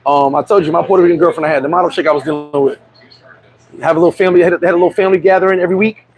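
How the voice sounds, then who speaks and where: A man's voice: fairly high pitch, steady tone, very fast, rough recording. A man hosting a casual livestream chat, telling blunt, profane stories. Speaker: livestream host.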